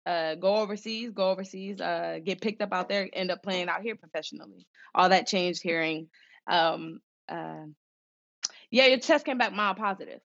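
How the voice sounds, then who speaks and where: A woman's voice: fairly low pitch, moderate pace, creaky. Young woman from socal chatting, lots of ums, acts out voices, dull lo-fi audio. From Southern California. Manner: animated, acts out quoted voices, many fillers. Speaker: guest, former pro basketball player. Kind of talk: casual storytelling interview. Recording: dull lo-fi sound.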